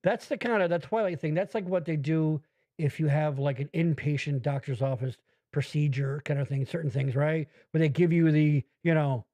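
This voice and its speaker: Podcast host, male, high pitch, loose profane rambler who slips into character voices. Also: normal speed, muffled recording. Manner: rambling, profane, animated storytelling with put-on voices. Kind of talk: casual chat.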